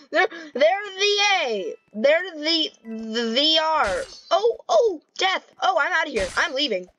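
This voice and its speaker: Young woman, gameplay commentary, excitable, giggly, lively bouncing pitch, slow easy delivery. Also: muffled recording. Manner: excitable, giggly, jumps from panic to glee.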